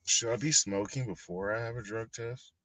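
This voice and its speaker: A man, high and ranting with heavy profanity in a casual livestream about collectibles and prices. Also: fairly even intonation, normal speed, a bit bright, dry recording. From Texas. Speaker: collectibles channel host.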